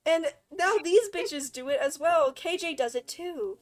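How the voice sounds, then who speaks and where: A woman's voice: high voice, unhurried. A young woman streaming and chatting casually with friends, talking animatedly, swearing freely and laughing often.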